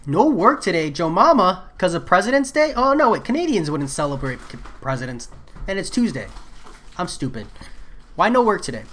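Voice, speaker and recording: A man's voice: high-pitched, big pitch swings, fairly quick, a bit bright. A man chatting casually while live-streaming a game, answering viewer messages in a laid-back way.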